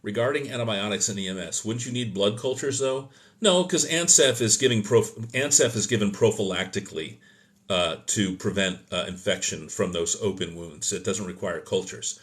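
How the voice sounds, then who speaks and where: Low-voiced man teaching on a live Q&A. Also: normal speed, a bit bright. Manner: opinionated, soapbox teaching tone; loose, self-correcting delivery with fillers. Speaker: host of an emergency medicine live stream. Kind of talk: live Q&A, answering chat questions.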